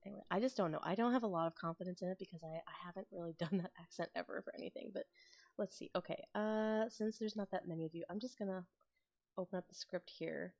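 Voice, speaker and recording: A woman's voice: fairly low pitch, quick pace, vocal fry. A woman chatting casually on a stream as an ASMR creator, thinking aloud and rambling. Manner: rambling, thinks aloud with restarts and soft laughs. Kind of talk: casual live-stream chat.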